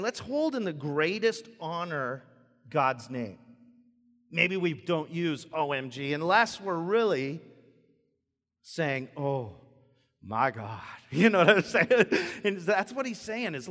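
Pastor, male, high-leaning and very lively delivery, playful sermon with a long reverb of a church hall. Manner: playful, animated, acts out stammering prayers.

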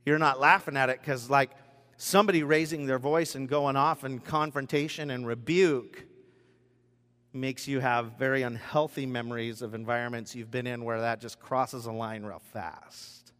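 Chatty pastor preaching in a reverberant hall. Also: male voice, medium pitch, fairly even intonation, normal speed, fairly bright tone. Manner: casual, chatty preaching with asides and jokes. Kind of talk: conversational sermon. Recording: long reverb of a large hall.

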